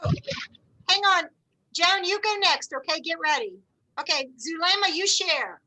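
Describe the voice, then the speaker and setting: Bright, high-voiced woman leading a team meeting. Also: normal speed, low-quality recording. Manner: animated, encouraging storyteller. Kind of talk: motivational team meeting talk.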